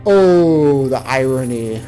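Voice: mid-range voice, lively intonation, slow, mellow, faint music behind. Crude, sarcastic let's-play commentator. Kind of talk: joking gameplay commentary.

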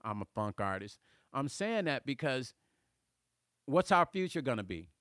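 A middle-aged musician hosts a livestream, chatting loosely and reading viewer comments aloud in a smooth, resonant, mid-range voice at a moderate pace. He gets animated, laughs easily, and stumbles over repeated words when excited. The sound is close and dry, with no echo or room.

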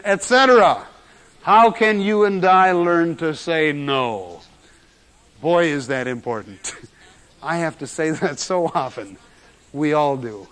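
Male lecturer, high-pitched, emphatic, repeats key terms, vintage 1970s lecture tape. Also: fairly bright tone, smooth. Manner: emphatic, repeats key words, dramatic pauses. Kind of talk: lecture on general semantics.

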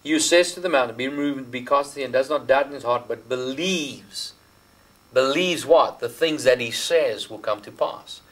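A man with an Australian accent preaching a sermon as host, stressing key words by slowing down and guiding listeners to underline verses in their Bibles. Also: mid-range voice, a bit bright, poor audio. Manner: talks the listener through marking up the Bible. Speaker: pastor.

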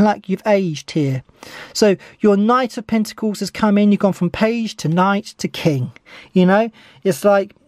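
A woman's voice: mid-range voice, a little mellow, no echo. A woman giving a tarot reading, talking eagerly and repeating her encouragements over and over. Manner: enthusiastic, repetitive encouragement. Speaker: tarot reader.

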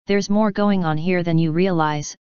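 A woman's voice: fairly low pitch, fairly even intonation, normal speed, clear, resonant tone, no echo, dull audio, close to an everyday voice. A woman voicing a stern female pony who is head of security, speaking firmly and giving orders. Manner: firm, commanding.

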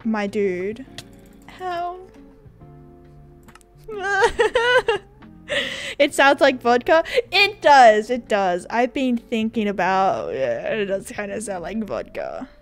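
A woman's voice: fairly high pitch, sing-song, slow, pauses often, faint music behind. A woman streaming a game live, chatting casually with her chat and giggling often as she plays. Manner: giggly, chatty, talks to chat while playing. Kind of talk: casual gaming livestream chat.

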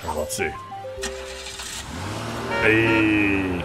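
A man voicing a hot-headed male echidna in a gaming stream roleplay, grumbling and shouting when he loses. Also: on the low side, drawn-out words. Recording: game music in background.

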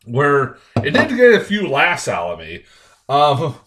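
A man's voice: on the high side, huge pitch swings, takes it slowly, background noise. Profane, rambling man reviewing a movie. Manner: profane, irritated, rambling, with frequent fillers and restarts. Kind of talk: casual rambling film review.

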